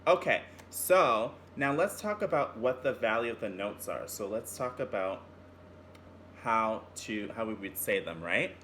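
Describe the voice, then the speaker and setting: A man's voice: fairly low pitch, lively intonation, unhurried, a bit bright, slight background noise. A man teaching a children's music lesson, singing examples and cheering the class on. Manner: encouraging, singing examples and call-and-response.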